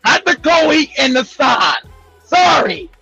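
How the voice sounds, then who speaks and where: A man's voice: very high voice, very animated, slow pace, vocal fry, pushed and bright, no echo, lo-fi sound, soft background music. A man co-hosting a talk show, teasing, laughing and swearing. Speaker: show co-host. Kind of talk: casual talk show banter.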